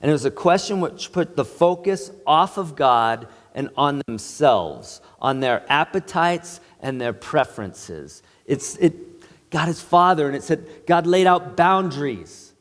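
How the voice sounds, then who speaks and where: A man's voice: a little high, expressive, unhurried, a bit bright. Earnest male pastor in a reverberant church. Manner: earnest, emphatic preaching. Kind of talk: sermon. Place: church sanctuary.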